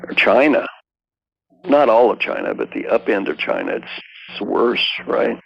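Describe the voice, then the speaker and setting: Older guy, gravelly lowish voice, punchy storytelling, does the voices of people he quotes, kinda muffled audio. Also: wildly swooping pitch, measured pace, a little hiss or hum. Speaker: guest executive coach. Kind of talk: storytelling interview talk.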